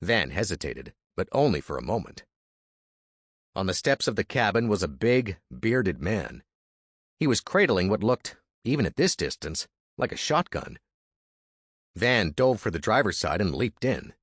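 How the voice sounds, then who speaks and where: A man reading an audiobook in an expressive, dramatic manner, recorded on a close studio mic. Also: low voice, unhurried, breathy edge, no room sound. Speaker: audiobook narrator. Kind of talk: scripted audiobook narration.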